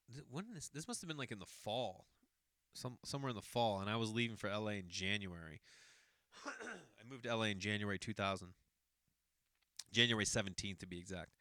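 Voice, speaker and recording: In a clean, dry studio recording, a man in his forties from the Boston area hosts a podcast and rambles through a long personal anecdote, frequently correcting himself as he goes. His mid-range voice comes across pushed and bright in this casual storytelling monologue.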